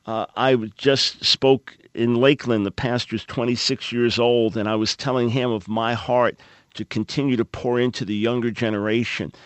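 A male Christian radio host talking earnestly and fervently at a studio microphone. His voice sits at a middle pitch, and the studio sound is dry and close. He speaks with the warmth of a preacher addressing his listeners. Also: fairly even intonation, moderate pace, dry recording. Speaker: radio talk show host. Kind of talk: Christian call-in radio talk.

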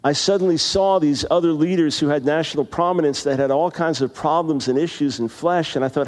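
A man of about sixty delivers a sermon from the pulpit, with a voice pitched somewhat high for a man. He moves between loose personal anecdotes and slow, emphatic scripture reading. Long reverb from a large hall trails after his words. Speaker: preacher.

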